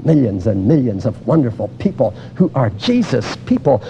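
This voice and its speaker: An older man preaching a teaching sermon on healing, emphatic and exuberant, dropping to a hush and then rising to loud exclamations. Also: mid-range voice, very animated, moderate pace, vocal fry, few pauses, highs cut off, slight background noise.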